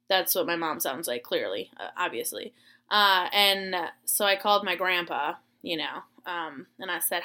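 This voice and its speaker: In a relaxed vlog, a young Florida teacher rambles through a personal story in a bright, clear, lowish voice. She's chatty and self-deprecating, filling pauses with plenty of "uh" and "um."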